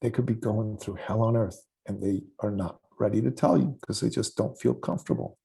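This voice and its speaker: A man in his forties with a gravelly, husky voice, talking as a guest in a conversational interview. He tells his story with animation and slips into the voices of the people he quotes. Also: fairly low pitch, steady tone, brisk, dark tone. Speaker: podcast guest.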